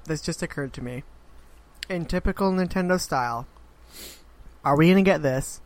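A man's voice: a little high, moderate pace, slight background noise. A man co-hosting a casual tech podcast, asking musing, speculative questions. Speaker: podcast co-host.

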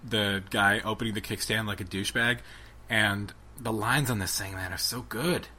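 A young man co-hosting a casual tech podcast, talking excitedly and rambling with lots of restarts. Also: lowish voice, moderate pace. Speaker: podcast co-host.

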